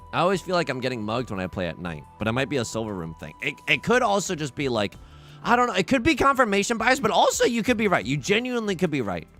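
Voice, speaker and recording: Lively, gravelly-voiced male streamer. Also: high voice. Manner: playful, jokey, chatting with viewers. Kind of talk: casual livestream commentary while playing.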